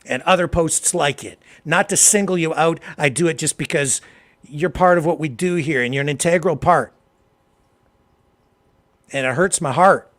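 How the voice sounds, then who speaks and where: A Canadian man hosting a political talk show, delivering impassioned commentary that swings from low, quiet remarks to loud, emphatic outbursts. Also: normal speed. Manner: heated, addresses a co-host directly.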